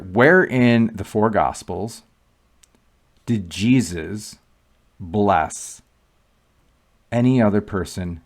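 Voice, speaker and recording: A man giving casual, emphatic commentary on scripture and asking rhetorical questions. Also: fairly low pitch. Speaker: Catholic commentator.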